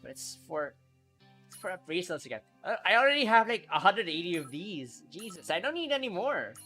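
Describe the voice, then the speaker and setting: A man live-streaming a video game, chatting casually with viewers, excitable and quick to laugh. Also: sits high, soft background music.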